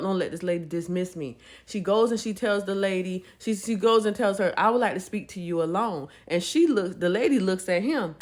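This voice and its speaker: Woman animatedly retelling a story. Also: mid-range voice. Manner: animated retelling, acting out quotes. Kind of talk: casual storytelling.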